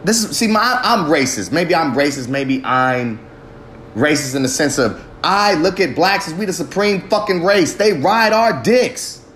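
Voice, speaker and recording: A man's voice: a little high, expressive, a little slow, fairly bright tone, slight background noise. A man delivering an impassioned, heavily profane monologue, ranting with emphatic force. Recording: roomy echo.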